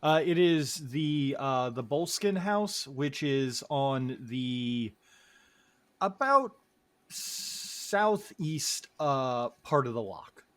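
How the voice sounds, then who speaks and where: A man's voice: medium pitch, lively intonation, very slow, fairly bright tone. Hesitant man running a tabletop game. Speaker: game master.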